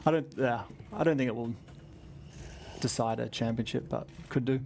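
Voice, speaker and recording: A man's voice: medium pitch, normal speed, vocal fry, darkish tone, a little hiss or hum. An Australian man in his twenties, a racing driver answering press conference questions in a chatty, rambling way with lots of laughter.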